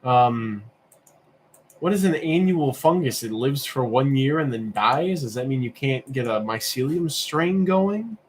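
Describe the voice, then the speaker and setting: A man's voice: mid-range voice, expressive, measured pace, a little hiss or hum. A man hosting a livestream, thinking aloud in a casual, rambling way as he browses and asks himself questions. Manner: rambling, musing, self-questioning with fillers. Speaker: livestream host.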